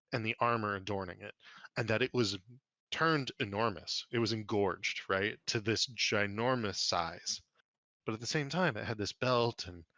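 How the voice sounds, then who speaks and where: A man narrating a tabletop game as game master, halting with many fillers. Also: mid-range voice, bright, forceful tone, dry recording.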